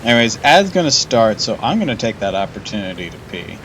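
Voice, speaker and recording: A man's voice: on the low side, very animated, fast talker, fairly bright tone, a little hiss or hum, low-quality recording. A man streaming a game live, chatting casually, laughing often and swearing.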